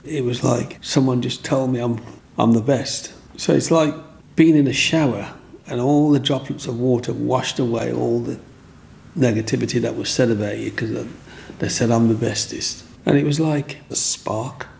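A man, telling rambling, animated stories from his childhood in an interview and acting out other people's voices. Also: medium pitch, moderate pace, creaky. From Black Country, England. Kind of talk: storytelling interview.

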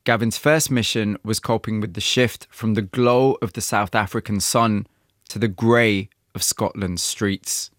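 A man hosting a radio interview program, narrating with a measured storytelling delivery and questioning a guest. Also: on the low side, steady tone, a bit bright, dry recording, studio quality. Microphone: studio microphone.

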